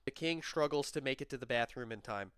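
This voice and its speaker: A man hosting a commentary channel, talking over clips in a dry, mocking, deadpan voice. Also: medium pitch, brisk, faint music behind.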